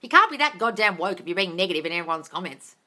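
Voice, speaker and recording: A woman's voice: on the low side, big pitch swings, fast, pushed and bright, a little hiss or hum. An Australian woman coaching on a live stream, answering viewer questions bluntly, swearing freely and calling people darling. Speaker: manifestation coach. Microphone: phone or tablet.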